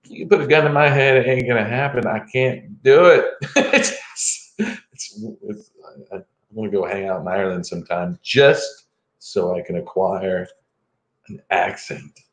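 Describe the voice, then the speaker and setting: A man's voice: lowish voice, normal speed. A middle-aged man giving a live tarot reading for viewers, playful and joking between cards. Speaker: tarot reader. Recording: roomy echo.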